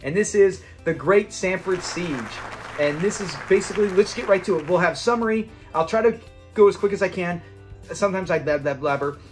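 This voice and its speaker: A man's voice: sits high, brisk, soft background music, a faint crowd. A man hosting a casual episode review, chatty and rambling, laughing as he retells scenes. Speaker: channel host reviewing a sitcom episode.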